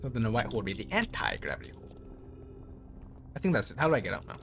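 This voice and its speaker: A young man playing a game blind, thinking aloud and reading its lore text in a measured voice. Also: medium pitch, very animated, noisy background. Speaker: let's play streamer.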